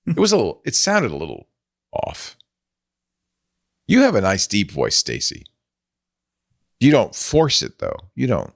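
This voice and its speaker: A man's voice: on the low side, wildly swooping pitch, unhurried, vocal fry, pauses often, dry recording, clean studio sound. A man hosting a casual tech panel chat, wry and chatty with loose fillers. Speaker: host.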